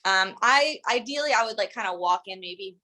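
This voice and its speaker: This sales trainer has a medium-pitched, bright, pushed voice with lively intonation and a moderate pace, captured on a rough recording. She coaches her team in a chatty, casual way, peppered with "like" and "um," and performs the lines they should use.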